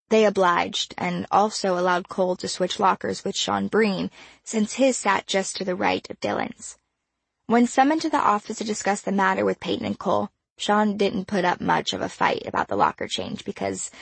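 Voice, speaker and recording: A woman narrating an audiobook in a measured, expressive storytelling manner. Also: mid-range voice, creaky, breathy edge, no room sound.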